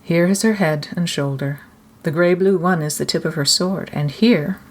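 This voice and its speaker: A woman voicing a kind, patient nurse who murmurs softly and reassures a child in a storybook reading. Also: on the low side, normal speed, close to an everyday voice. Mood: coaxing.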